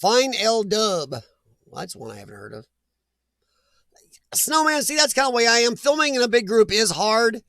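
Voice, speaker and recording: A man's voice: high-pitched, very animated, moderate pace, creaky, long pauses, a bit bright, dry recording. A man hosting a casual live chat, reading viewer names aloud and laughing often. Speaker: livestream host reading chat.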